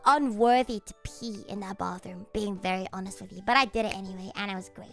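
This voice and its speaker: A woman streamer chatting casually on a livestream, excitable and swearing freely, often breaking into laughter. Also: medium pitch, fast, creaky, few pauses, soft background music.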